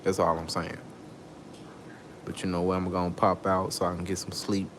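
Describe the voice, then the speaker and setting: A man venting in an angry vlog rant, swearing and jumping up in pitch as he gets worked up. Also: level tone, normal speed, music in the background. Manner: angry ranting, swearing, voice leaping up when worked up. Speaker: vlogger. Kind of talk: heated venting monologue.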